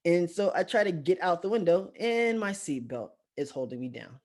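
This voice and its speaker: A young man casually telling a story to camera, animated, swearing and often laughing. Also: high-pitched, moderate pace.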